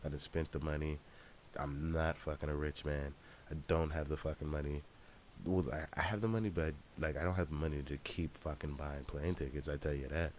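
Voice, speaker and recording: Rapper-vlogger type: very low-pitched man, swearing freely through a loose travel story. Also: fairly even intonation, brisk, a little mellow, slight background noise. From United States. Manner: profane, loose and ranting. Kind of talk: casual travel vlog storytelling.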